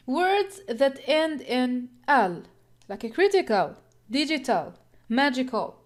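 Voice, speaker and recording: A woman teaching English word stress, talking slowly and deliberately, counting out syllables and thinking aloud. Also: high-pitched, expressive. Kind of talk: slow classroom-style lesson, counting syllables.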